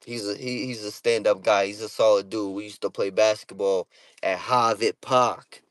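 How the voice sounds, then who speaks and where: This man, a vlogger from the Boston area of Massachusetts, speaks with a Boston accent from inside a parked car, addressing the camera casually with profanity, street slang, and a recurring "you know what I'm saying." He's brash, his voice on the low side and steady, moderately paced, with no echo.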